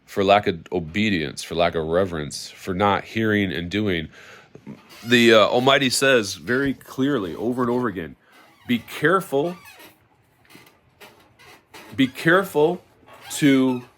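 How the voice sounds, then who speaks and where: A man giving an impassioned spoken testimony as a religious teacher, preaching emphatically and repeating phrases for stress. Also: medium pitch.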